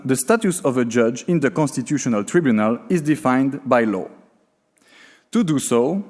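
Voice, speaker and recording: A man's voice: medium pitch, a little mellow. A man giving a prepared conference talk, reading from notes with frequent fillers and self-corrections. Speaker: conference speaker. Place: conference hall. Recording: long reverb of a hall.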